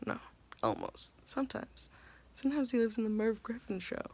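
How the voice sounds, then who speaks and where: A woman's voice: on the high side, moderate pace, a little mellow. A young woman talking to camera in a casual vlog, chatty and rambling, giddy and self-mocking, tired and hungry. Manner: giddy and scattered. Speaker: actress vlogger.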